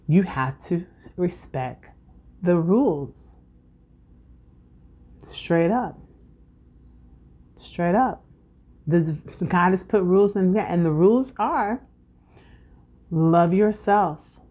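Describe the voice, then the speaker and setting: A chatty woman in her thirties reads tarot cards at home in a casual vlog. Her voice sits a little low, and she talks in loose, filler-heavy, preachy runs. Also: warm tone. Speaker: tarot reader.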